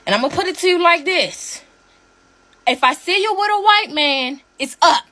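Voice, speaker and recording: High, bright-voiced woman ranting angrily. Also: animated, moderate pace. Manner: profane, heated and emphatic. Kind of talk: angry rant to camera.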